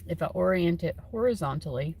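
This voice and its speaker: A woman's voice: on the low side, animated, brisk, a little mellow, breathy edge. A woman hosting a tarot livestream from home on her phone, chatting casually and rambling with lots of fillers. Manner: chatty and rambling, many fillers, laughs often.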